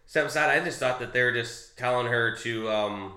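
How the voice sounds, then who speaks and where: A man chatting casually about a comic, rambling and halting with fillers and restarts. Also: mid-range voice, flat delivery, sharp tone, reverberant. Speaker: co-host discussing a comic. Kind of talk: casual chat.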